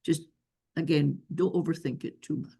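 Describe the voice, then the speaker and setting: A woman's voice: low voice, steady tone, normal speed, creaky, mellow, husky. A woman with a noticeable accent, giving earnest, emphatic visa advice in a webinar Q&A over a video call. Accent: non-local accent. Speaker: visa expert answering questions.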